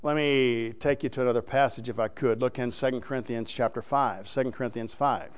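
A middle-aged man preaching a folksy, emphatic sermon to his congregation, sometimes rising into loud, high exhortation. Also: steady tone, brisk, clear, resonant tone.

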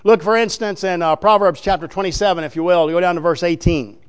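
A middle-aged preacher delivering a folksy, emphatic sermon. His voice sits a little high and sounds smooth and clear. He swings between quiet talk and loud exhortation. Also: fairly even intonation, fast talker.

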